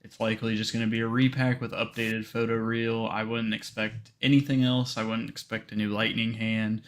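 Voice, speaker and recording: A man's voice: fairly low pitch, level tone, normal speed. A man co-hosting a casual livestream chat, blunt and profane and teasing his co-host.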